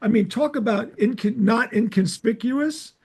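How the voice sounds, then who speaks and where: An older man hosting a podcast, telling a long story in a casual, animated way and acting out the people in it. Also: very high voice, measured pace, gravelly, slightly rough. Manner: animated anecdotes, acts out dialogue. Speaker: podcast host.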